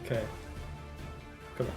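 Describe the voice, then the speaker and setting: A player in a tabletop game, animated and quick to laugh. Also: over music.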